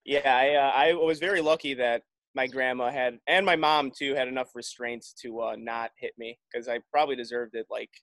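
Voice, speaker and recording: Speaking at a normal speed with a medium-pitched, slightly bright voice, this man is a podcast guest in a casual chat. He rambles loosely, frequently restarting sentences and filling them with "like." The recording has no echo.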